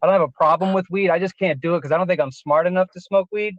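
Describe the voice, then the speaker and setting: A man's voice: high-pitched, fairly even intonation, rapid-fire, dry recording, highs cut off. A man performing a self-deprecating stand-up set, laughing at his own story now and then. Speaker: stand-up comedian.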